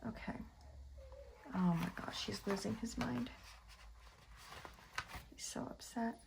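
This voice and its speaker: A woman's voice: a little high, slow pace, gravelly, background noise. A woman rambling casually while she sets up a planner page, often dropping into half-whispered asides. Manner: rambling, half-whispered asides, coos baby talk at her cat. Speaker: planner vlogger. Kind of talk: casual chatty voice-over while crafting.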